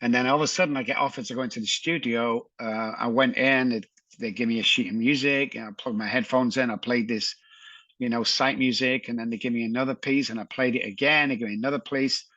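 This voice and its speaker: A middle-aged man with a Manchester English accent, a guest on a podcast telling his life story in a lively, chatty way. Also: medium pitch, fast, dry recording, dull audio. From England. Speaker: guest, addiction recovery expert.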